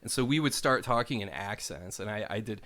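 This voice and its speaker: A man co-hosting a casual podcast, talking in an animated, rambling way with many restarts. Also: fairly low pitch, a little fast. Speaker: podcast co-host. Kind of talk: casual chat.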